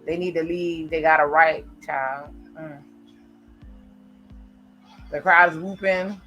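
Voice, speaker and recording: A woman's voice: deep voice, fairly even intonation, takes it slowly, pauses often, sharp tone, faint music behind. A woman giving chatty, casual reaction commentary on a TV episode as she watches it. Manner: chatty, reacts aloud while narrating scenes. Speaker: reaction video host.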